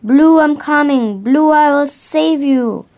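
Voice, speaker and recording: A woman reading a storybook aloud and voicing Yellow, an eager little male color character who calls out excitedly. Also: fairly high pitch, moderate pace, close to an everyday voice. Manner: excited, calling out loud.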